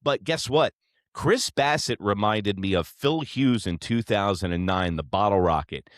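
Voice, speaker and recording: A man hosting a sports show, ranting in a brash, profane, excitable way. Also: lowish voice, measured pace, no echo, studio quality. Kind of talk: fired-up sports reaction rant.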